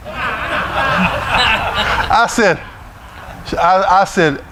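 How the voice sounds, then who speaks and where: A middle-aged man with a Southern US accent preaching a sermon in a church, folksy and loud, often repeating his words as he goes. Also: high-pitched, drawn-out words, pauses often, very noisy. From Florida, USA. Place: church sanctuary.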